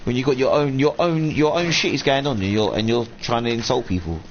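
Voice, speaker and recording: A man's voice: medium pitch, a little fast. A man venting at length on a live stream, rambling and swearing as he quotes people in a raised voice. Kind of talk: casual live-stream rant. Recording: dull lo-fi stream audio, faint room hum.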